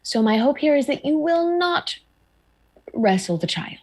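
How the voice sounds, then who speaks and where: A woman's voice: sits high, big pitch swings, a little slow, a little mellow. A woman playing a tabletop game, coaxing and pleading with another player. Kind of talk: tabletop role-play.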